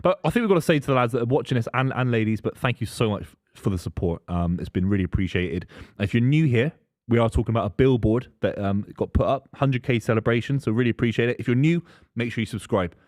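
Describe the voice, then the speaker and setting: A man's voice: mid-range voice, expressive, fast talker, a little mellow, no echo, clean studio sound. A man co-hosting a football watchalong, joking in mock outrage and swearing, calling everyone "lads". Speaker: co-host. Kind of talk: casual football watchalong banter.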